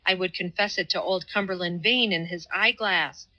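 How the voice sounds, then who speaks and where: A woman's voice: fairly low pitch, normal speed, bright, forceful tone, dull audio. A woman reading the part of an earnest, devout man who speaks with fervent, laborious care in an audiobook.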